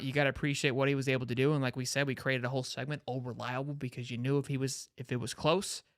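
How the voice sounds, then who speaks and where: A man's voice: on the high side, a bit bright, no room sound. Chill guy hosting a sports talk show, says bro a lot, dry room sound. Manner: rambling, laughs easily, says bro and dude. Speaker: sports podcast host.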